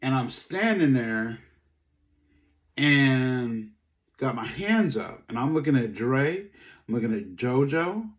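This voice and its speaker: Man telling a personal story, animated. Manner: animated, acts out dialogue, voice jumps high when upset; casual, conversational phrasing. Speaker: speaker.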